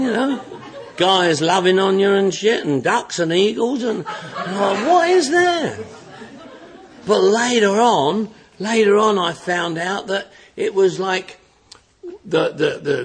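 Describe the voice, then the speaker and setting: An older man speaks at a recovery meeting in a husky, fairly high voice. He tells blunt, joking stories and circles back to the same refrains again and again. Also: a bit bright. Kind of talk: humorous recovery talk to an audience.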